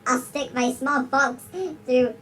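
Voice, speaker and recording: A big-lipped alligator , put on by a performer, reads a rhyming picture book aloud with plenty of drama. The voice sits high and bubbles over with giggles, and a faint hum of room noise stays underneath. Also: level tone, takes it slowly, a bit bright, low-quality recording. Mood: storytelling. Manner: reads in rhyme and keeps breaking into giggles. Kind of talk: dramatic storybook reading.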